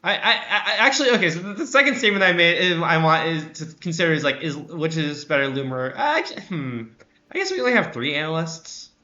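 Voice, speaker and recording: A man's voice: on the high side, animated, quick pace, pushed and bright, highs cut off. A man streaming a card game, chatting casually, rambling and correcting himself with dry sarcasm. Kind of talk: casual gameplay chat.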